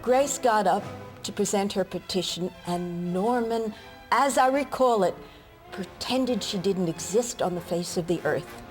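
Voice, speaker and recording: A woman's voice: mid-range voice, unhurried, soft background music. A woman writer in a documentary interview, animatedly recalling a scene and acting out what happened. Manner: animated, acts out remembered scenes.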